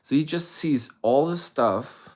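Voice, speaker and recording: A man on a live stream telling a wild story in a casual, profane way, acting out his own reactions with sudden loud bursts. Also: fairly high pitch, takes it slowly. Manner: animated, profane, acts out his own past reactions loudly.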